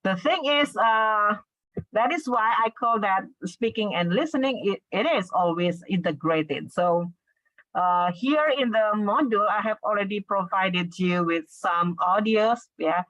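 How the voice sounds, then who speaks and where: An Indonesian-accented woman lecturing in an online class, patient and explanatory, often tagging her points with a questioning "right?". Her voice sits at a mid pitch and sounds completely dry. It comes through a dull, lo-fi video call line. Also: animated, measured pace, a bit bright, dry recording. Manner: explanatory, checks in with tag questions. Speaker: English instructor.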